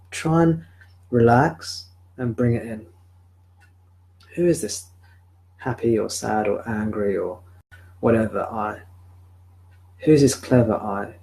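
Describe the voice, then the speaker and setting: A man leading a live spiritual talk, guiding a listener with gentle, repeated questions. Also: mid-range voice, vocal fry. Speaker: spiritual teacher. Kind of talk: live satsang guidance. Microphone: video call or webcam.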